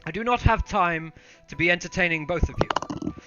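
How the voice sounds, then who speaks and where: A man's voice: high voice, normal speed, natural voice. A man voicing a haughty, scornful male chef who talks down to people. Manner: condescending, pompous. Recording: dull lo-fi sound. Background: faint music.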